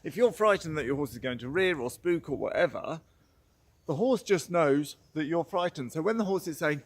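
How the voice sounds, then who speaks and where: A man's voice: a little high, animated, a little fast. A man telling a horse-training story in a casual, chatty way, laughing often and acting out quotes.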